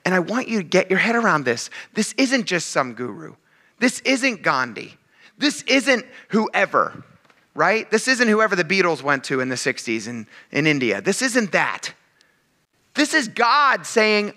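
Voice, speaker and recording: Animated, bright-voiced male pastor preaching. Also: high-pitched, moderate pace. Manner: casual, animated preaching with acted asides. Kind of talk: sermon.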